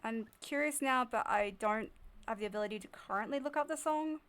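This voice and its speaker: A woman with a bright, fairly high voice talks through a video game live, musing to herself and reacting to every scare. She speaks close to her desk microphone in a chatty, jumpy way. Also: a little fast. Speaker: streamer. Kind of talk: live gameplay commentary.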